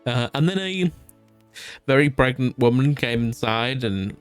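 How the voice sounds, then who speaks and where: A man's voice: mid-range voice, lively intonation, unhurried, smooth, soft background music. A man serving as game master, recapping a tabletop campaign in a casual, laid-back way. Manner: casual, laid-back storytelling with loose asides.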